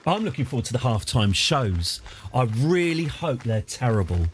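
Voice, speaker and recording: A man's voice: mid-range voice, big pitch swings, moderate pace, slight background noise. A man in his forties with an English accent, chatting casually and wryly while streaming a game live, rambling off on tangents and answering his chat. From England.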